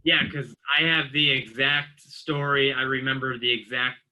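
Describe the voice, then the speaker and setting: A man's voice: medium pitch, steady tone, normal speed, sharp tone, poor audio. A man in his late thirties, a police officer guest on a podcast, telling stories casually and acting out the voices of the people in them. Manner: anecdotal, acts out quoted voices. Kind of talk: casual storytelling.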